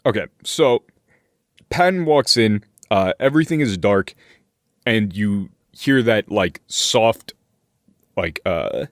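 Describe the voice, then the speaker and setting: A man's voice: on the low side, lively intonation, takes it slowly, dry recording, clean studio sound. A man running a tabletop game as game master, narrating scenes loosely with plenty of fillers and restarts.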